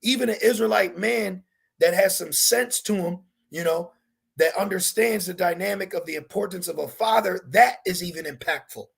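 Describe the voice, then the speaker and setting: Gravelly, husky man preaching casually. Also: high voice, moderate pace. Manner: casual slangy preaching, repeats "man" and "all right". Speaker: street preacher. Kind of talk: informal sermon.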